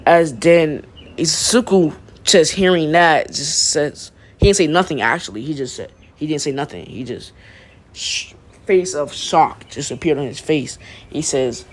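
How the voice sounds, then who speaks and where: Halting man improvising a fan story. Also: on the high side, lively intonation. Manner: halting, repeats and restarts phrases. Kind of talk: improvised fan-fiction narration. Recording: faint background noise.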